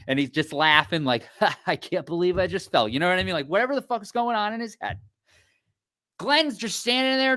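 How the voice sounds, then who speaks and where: A man co-hosting a casual fight-sport podcast, animated and profane, acting out what people said. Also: high voice. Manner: animated, swearing, acting out quotes. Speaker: podcast co-host.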